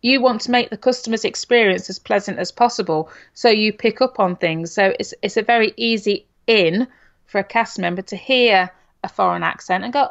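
A woman's voice: mid-range voice, normal speed, gravelly. A middle-aged woman from Nottingham with an English accent, co-hosting a podcast in casual, chatty talk. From England. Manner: chatty, uses "you know" and tag questions. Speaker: podcast co-host. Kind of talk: casual chat. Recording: dull lo-fi sound.

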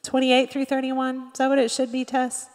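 A woman's voice: sits high, normal speed, big-room sound. A woman pastor preaching a sermon, acting out quotes and asking the congregation "Amen?" often. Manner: lively preaching with acted-out quotes and frequent "Amen?". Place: church sanctuary.

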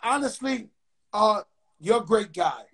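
A middle-aged man hosts a casual talk show. His voice sits unusually high for a man. He talks in loose, profane banter that is full of laughs. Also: animated, measured pace, fairly bright tone, husky. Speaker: host.

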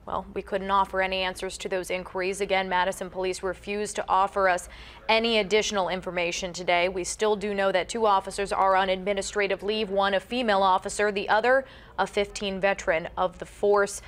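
Woman field reporter, earnest and steady. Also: medium pitch, fairly quick. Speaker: news reporter. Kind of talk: scripted news report.

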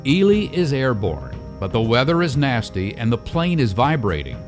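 A male documentary narrator reads a polished script, his pitch rising and falling with lively movement at a middling register. The delivery is measured and story-driven, with soft music underneath.

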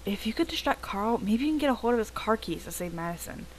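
A woman's voice: on the high side, lively intonation, fast talker, darkish tone, a little hiss or hum, pitched above the performer's own voice, natural voice, rough recording. A woman voicing an anxious, earnest young woman who is trying to rescue a friend. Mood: worried.

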